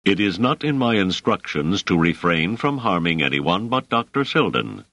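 A big, literal-minded sergeant, played by a man, speaks in slow, formal, rumbling syllables. He sounds stolid and unbending. The voice is close and dry. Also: big pitch swings, fairly bright tone, no room sound, lo-fi sound, heavily acted.

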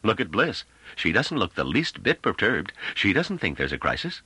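A man voicing a blunt, skeptical man who questions forcefully and flares into anger. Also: on the low side, wildly swooping pitch, normal speed, husky, no echo, pitched above the performer's own voice, full character voice. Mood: doubtful.

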